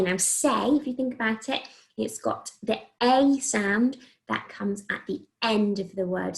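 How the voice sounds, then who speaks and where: A woman primary school teacher giving a recorded phonics writing lesson, slowly sounding out letters and words for young children. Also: medium pitch, vocal fry, poor audio. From England. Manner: slow, sing-song, sounding out letters and words.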